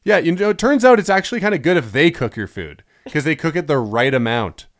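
A man's voice: a little high, sing-song, quick pace. A man hosting a comedy podcast, telling stories animatedly with sarcasm and casual swearing. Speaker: podcast host.

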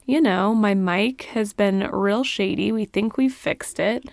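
Woman, casual podcast chat, animated, gravelly voice, small closet, dry sound. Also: medium pitch, unhurried, no echo. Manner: chatty, animated, laughs often. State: hiccups. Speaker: podcast co-host.

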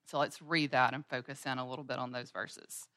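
A woman's voice: very deep voice, steady tone, a little fast, fairly bright tone, dry recording, studio quality. A woman in her thirties teaching a women's Bible study, telling everyday stories in an earnest way. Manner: earnest storytelling, acting out everyday scenes with quoted voices.

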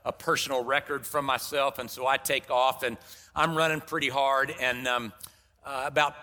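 A man preaching a sermon as pastor, telling a story in an animated way and acting out the dialogue. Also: mid-range voice, moderate pace. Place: large church sanctuary. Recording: long hall reverb.

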